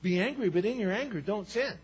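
A man preaching to his congregation in an easy, conversational way, often asking rhetorical questions. His voice sits a little high and is husky. The church recording sounds muffled and dull. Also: animated, fairly quick. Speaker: pastor. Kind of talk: sermon.

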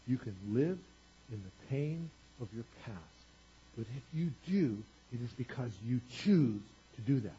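A man preaching a sermon, moving from quiet earnest talk to booming exclamations. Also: lively intonation, measured pace, breathy edge, lo-fi sound. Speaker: pastor.

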